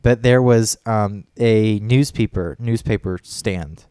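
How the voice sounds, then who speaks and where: A man's voice: lowish voice, slow pace, warm tone, clean tone, dry recording, studio quality. A man telling a story in a casual podcast chat, rambling and swearing often. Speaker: podcast co-host.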